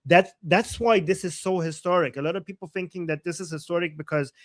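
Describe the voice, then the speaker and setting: Man, from Iran, stream co-host, emphatic and repetitive, slightly high voice, dry close sound. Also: fairly even intonation, brisk, no room sound. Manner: emphatic, repeats key phrases. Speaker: co-host and YouTuber. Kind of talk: casual live-stream chat.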